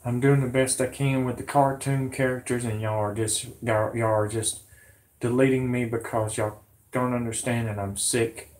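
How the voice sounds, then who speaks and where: A man with a drawl whose voice is hoarse and worn from illness. He rambles to his viewers, agitated and pleading, circling back over the same words again and again. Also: medium pitch, little pitch movement, moderate pace, darkish tone. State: hoarse, sick voice. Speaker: conspiracy vlogger. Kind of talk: rambling monologue to camera.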